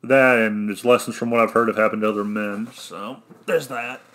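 A young man from Arkansas with an Arkansan accent, rambling through a solo rant in a monotone, blunt and cynical, often correcting himself. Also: fairly low pitch, normal speed. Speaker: vlogger.

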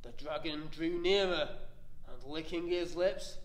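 A man reading a rhyming picture book aloud in a slow, rhythmic delivery. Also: a little high, echoey room, rough recording. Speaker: library staff reader.

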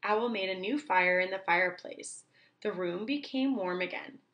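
A woman teacher reading a children's book aloud, slowly and clearly for young children. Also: medium pitch, a bit bright, highs cut off.

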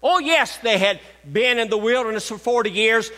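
A man's voice: extremely high pitch, moderate pace, sharp tone, big-room sound. An older man, a grandfather and pastor, preaching a sermon in a folksy, joking way, repeating his key phrases. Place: church sanctuary.

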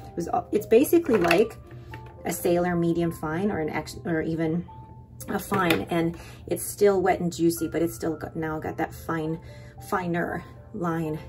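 A young adult woman vlogging in a chatty, excited way, rambling with quick asides as she shows her haul. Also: on the low side. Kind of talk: casual haul vlog.

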